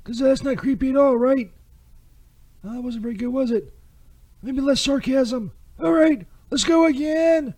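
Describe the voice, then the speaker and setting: A squeaky-high, mellow-toned Saint Peter, put on by a man, fumbles through a crude comedy ad, restarting and second-guessing every take. He stammers and drifts into sarcasm. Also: a little slow, full character voice. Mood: fumbling. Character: bumbling crude male Saint Peter doing ad takes. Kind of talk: comedy ad-read sketch.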